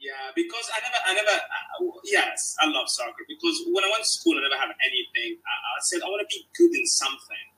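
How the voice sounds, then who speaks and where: A man's voice: high-pitched, huge pitch swings, quick pace, few pauses, sharp tone, distant mic, low-quality recording. A man from Tunisia with a Tunisian accent, telling his life story as an interview guest in emphatic, broken English that repeats its phrases.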